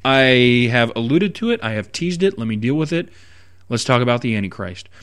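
Guy preaching on the radio, gets loud and emphatic, cracks dry little jokes, average pitch. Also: animated, normal speed, smooth. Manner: emphatic, wry asides. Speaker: preaching minister. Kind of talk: radio Bible teaching.

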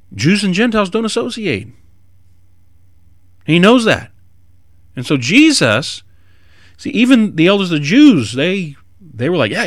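A man preaching an expository sermon in an animated way, rising to emphatic bursts. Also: fairly high pitch, no echo, clean studio sound.

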